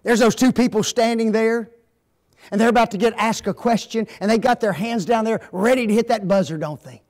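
A man's voice: high-pitched, fairly quick. An older man giving a folksy seminar talk in a church, telling stories and asking the audience rhetorical questions. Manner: animated storytelling with rhetorical questions. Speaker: guest speaker at a marriage seminar. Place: church hall.

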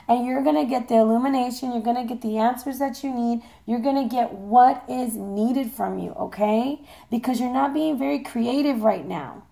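A hoarse woman giving a chatty, playful tarot reading, swearing casually as she talks. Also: fairly high pitch, normal speed, hardly any pauses, dark tone. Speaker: tarot reader.

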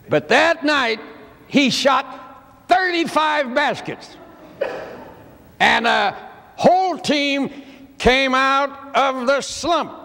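A man preaching a sermon, telling a story in a folksy way with dramatic pauses. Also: sits high, creaky, a bit bright. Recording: archival sermon with long hall reverb.

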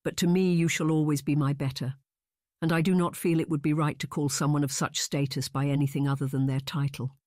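A man's voice: a little high, flat delivery, brisk, a little mellow, no room sound, studio quality, close to an everyday voice. A man voicing a young destitute woman training as a governess, speaking politely and deferentially with a slightly shaky voice. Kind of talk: audiobook character voice.

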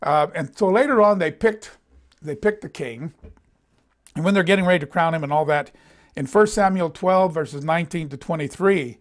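A man's voice: fairly high pitch, moderate pace. Man giving a conversational Bible teaching. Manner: reads scripture aloud and comments, voicing quotes with emphasis. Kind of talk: conversational sermon. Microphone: presenting in front of a board.

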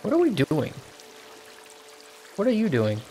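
A man streaming a video game live, chatting casually and reacting excitedly with gasps and laughs. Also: high voice, measured pace, slight background noise. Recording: game music under the voice. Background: game music clearly audible.

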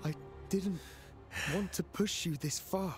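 A reluctant warrior foe in a video game, his voice slightly high and sorrowful. He speaks slowly and heavily, with game music clearly playing behind him. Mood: regretful. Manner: sorrowful, measured.

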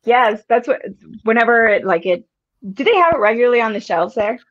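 A woman's voice: on the high side, expressive, brisk, muffled recording. A woman hosting a casual whiskey livestream, rambling with lots of giggles and casual swearing. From United States. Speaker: whiskey channel host.

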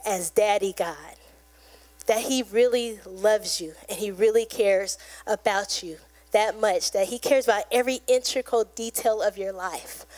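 A woman pastor giving a conversational, earnest sermon in a church, acting out little prayers and everyday chats. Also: medium pitch. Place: church sanctuary.

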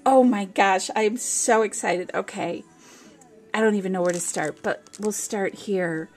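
A woman's voice: mid-range voice, a little slow. A woman craft vlogger unboxing a gift package, gushing and exclamatory, with frequent gasps.

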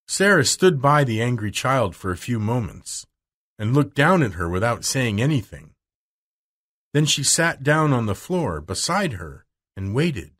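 Slow, husky male storybook reader. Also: medium pitch. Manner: slow, clear, expressive. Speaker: narrator. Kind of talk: storybook reading for learners.

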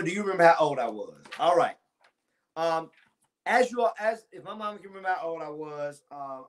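On a church livestream, a fortysomething pastor from Timpson, Texas talks informally to his viewers and recounts something from when he was a kid. He has a fairly bright, somewhat high-pitched voice.

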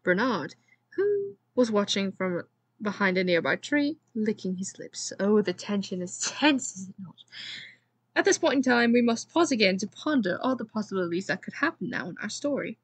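A woman's voice: medium pitch, sing-song, moderate pace, husky, no room sound. A woman gaming host reading a storybook aloud, with playful, dramatic storytelling and joking asides to the listener.

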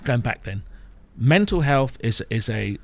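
A man coaching and explaining on a podcast, emphatic, often checking in with a quick "right?". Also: mid-range voice, big pitch swings, gravelly. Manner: emphatic, explaining, frequent "right?" tag questions. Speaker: therapy programme coach. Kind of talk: podcast guest conversation.

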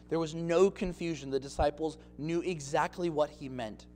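A man's voice: fairly high pitch, steady tone, normal speed, mellow, a little hiss or hum. A male pastor preaching a sermon expressively, acting out scenes from the text.

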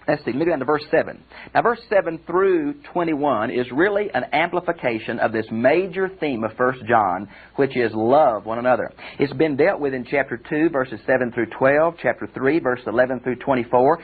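A man's voice: medium pitch, breathy edge. An older man, a pastor giving a conversational Bible commentary lecture and calling his listeners friends. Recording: tinny phone-like audio recording.

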